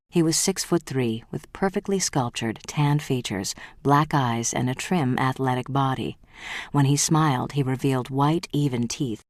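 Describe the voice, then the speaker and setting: Measured audiobook narrator, dry sound. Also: medium pitch, darkish tone, no echo. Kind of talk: scripted narration.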